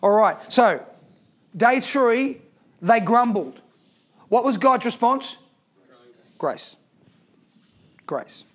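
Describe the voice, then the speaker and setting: A man's voice: very high-pitched, animated, extremely slow, pauses often. A man preaching a sermon as pastor, reading scripture aloud and asking the congregation rhetorical questions.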